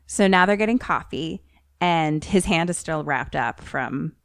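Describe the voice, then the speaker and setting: A woman co-host with a mixed American accent, a little Philly and Maryland, rambles through a film plot and acts out the characters' lines as she goes. Her voice sits a bit low. The sound is dry and close, with no room around it. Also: lively intonation, unhurried, dry recording. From United States. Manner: loose, rambling retelling full of "like" and quoted lines. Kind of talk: casual chat.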